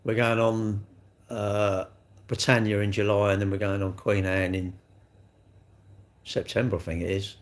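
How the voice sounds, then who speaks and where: A man's voice: on the low side, little pitch movement, unhurried, long pauses. A man, chatting bluntly with viewers on a livestream, swearing freely and calling everyone mate. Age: 60s. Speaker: livestream host. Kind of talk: casual chat reading live comments.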